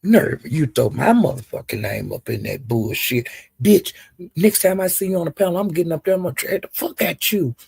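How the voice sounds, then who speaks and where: Gravelly-voiced woman on a heated rant. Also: low-pitched, animated, darkish tone, no room sound, clean studio sound. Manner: cursing, heated, drawn-out insults. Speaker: live-stream host. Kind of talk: angry profane rant to viewers.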